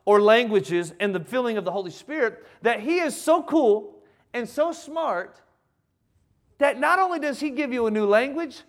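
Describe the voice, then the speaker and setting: A man in his seventies with a Southern US accent, preaching a sermon in a folksy, animated way and doing playful impressions. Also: extremely high pitch, normal speed. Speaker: pastor.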